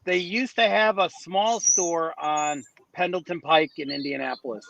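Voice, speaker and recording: Man, podcast guest, high-pitched, rambling storyteller, lots of restarts, muffled lo-fi sound. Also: measured pace, creaky, fairly bright tone, a little hiss or hum. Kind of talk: casual storytelling. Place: outdoors near a street in a city.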